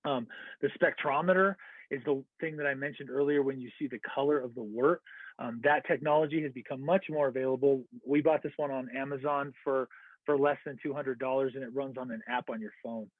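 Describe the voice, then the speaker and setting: An American man walks through a lesson in a measured, explanatory way, often pausing on fillers and correcting himself mid-sentence. His voice sits at an ordinary middle pitch. The audio is thin and phone-like, with a dry, close sound. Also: steady tone, no room sound. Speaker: lecturer. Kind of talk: online lecture.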